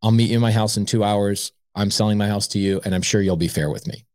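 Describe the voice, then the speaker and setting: This real estate investor, a guest on an interview podcast, speaks fast in a lowish voice, captured with clean studio sound and no echo. He spins a long personal story, animatedly performing every side of the conversation himself.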